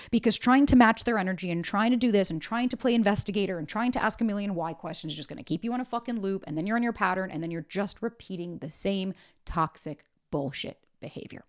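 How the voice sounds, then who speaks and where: A woman hosting a podcast, giving blunt, emphatic dating advice and swearing often. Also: mid-range voice. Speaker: podcast host and dating coach. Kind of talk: direct-to-camera advice talk.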